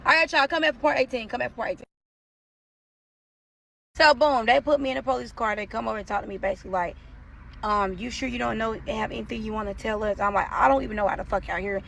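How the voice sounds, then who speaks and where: A woman rattles off a personal story at top speed, her slightly high voice full of gravelly fry. She swears freely and acts out every quote. Faint background noise hums behind her. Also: fast. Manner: profane, animated, acts out quotes. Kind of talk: casual storytime.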